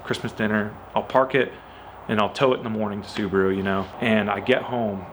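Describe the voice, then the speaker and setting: A man's voice: on the low side, fairly quick, background noise. A man telling a story about his car in a casual, chatty way, peppering it with "like" and "you know" and acting out what people said. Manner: animated, acts out quoted dialogue. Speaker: car owner.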